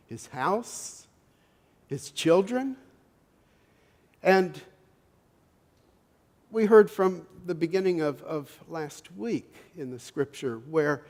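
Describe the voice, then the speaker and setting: A middle-aged male pastor preaching a sermon, telling stories in a folksy, halting way with many restarts. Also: fairly high pitch, a little mellow. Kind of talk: sermon with storytelling. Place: church sanctuary. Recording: long church reverb.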